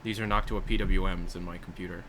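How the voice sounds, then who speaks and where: A young male streamer talks casually into a desktop mic, rambling between tasks and thanking donors. His voice is bright and forward, with a little faint background noise. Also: low-pitched, fairly even intonation, fast talker, rough recording. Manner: rambling, reads donations aloud. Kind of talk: casual livestream chat. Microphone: desktop USB mic.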